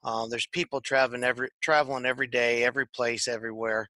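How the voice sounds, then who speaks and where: A man's voice: medium pitch, flat delivery, quick pace, pushed and bright, no room sound. A man co-hosting a casual tech chat show, rambling and repeating his words. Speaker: podcast co-host. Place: tech shop.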